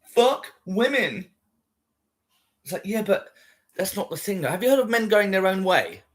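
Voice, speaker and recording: A young man in casual chat, blunt and sweary, with an animated delivery. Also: sits high, brisk. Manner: blunt and sweary, animated, quoting others in put-on voices.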